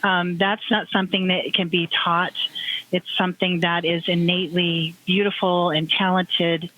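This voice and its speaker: A woman podcast guest in a casual group check-in, earnest and measured, with frequent ums. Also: fairly low pitch, flat delivery, muffled recording.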